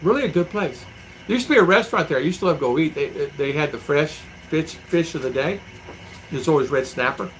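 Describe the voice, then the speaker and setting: On a rough recording with slight background noise, a middle-aged man from the United States speaks a bit fast in an animated, higher-pitched voice. He's a vlogger on a casual home livestream, reading viewer comments and drifting into folksy, rambling, repetitive stories.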